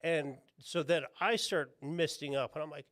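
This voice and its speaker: A man's voice: fairly high pitch, moderate pace, a bit bright, dry recording, clean studio sound. A man, a tattoo artist guest, talks casually on a podcast, rambling and peppering his stories with "dude" and "you know what I mean.".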